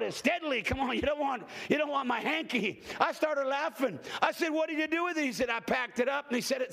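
A male evangelist preaching to a congregation in a very high, gravelly voice. He tells folksy, joking stories and breaks into sudden shouts. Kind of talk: sermon. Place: church service with congregation.

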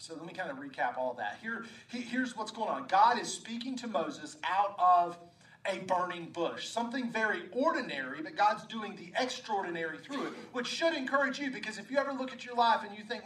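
A man preaching a sermon as pastor, animated and acting out scripture dialogue, with frequent repeated words, recorded from a distance in an echoey room. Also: high-pitched, brisk.

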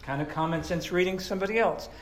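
A woman's voice: lowish voice, fast talker, low-quality recording. A woman teaching a Bible study, joking with the group and quizzing listeners by name.

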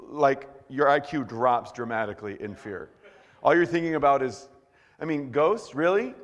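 A man preaching a sermon as pastor, animated and joking, acting out quotes with shouts and stammers. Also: on the high side, long reverb tail.

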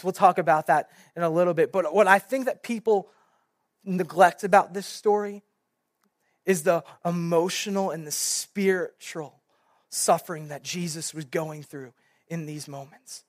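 A young man, a youth pastor, preaching a sermon in an animated storytelling way, with many casual fillers. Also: high-pitched, normal speed, no echo, clean studio sound.

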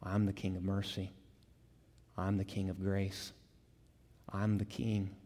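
A man voicing a calm, majestic male divine king in steady, declarative, repeated lines. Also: low voice, takes it slowly, exaggerated voice. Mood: solemn. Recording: long hall reverb.

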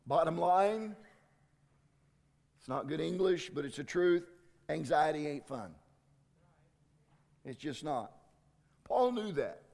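A man preaching a sermon as a pastor, slow and deliberate with dramatic pauses. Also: a little high, gravelly, darkish tone, long reverb tail.

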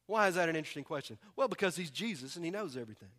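A man from the preaching a sermon, animated and acting out voices with humor. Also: fairly high pitch, very fast. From American South. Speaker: pastor.

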